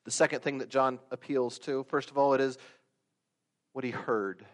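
A man preaching a sermon, swinging from loud emphatic peaks to quiet asides and acting out the stories he tells. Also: mid-range voice, steady tone, moderate pace. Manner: acts out quoted voices and stories. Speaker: pastor.

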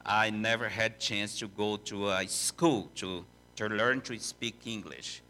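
An older man with a Portuguese accent, a native Portuguese speaker, preaching as a visiting missionary in halting, self-deprecating English. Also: lowish voice, pushed and bright. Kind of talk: sermon in a church.

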